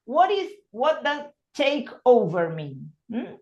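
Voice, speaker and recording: A woman's voice: fairly high pitch, big pitch swings, slow, a little mellow, highs cut off. A woman teaching an online English lesson, explaining patiently and checking in with "hmm?".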